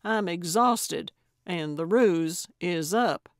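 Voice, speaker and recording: A woman's voice: lowish voice, slow, dry recording, studio quality. Woman playing a brusque feisty old lady sleuth. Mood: commanding. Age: older. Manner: brusque, commanding.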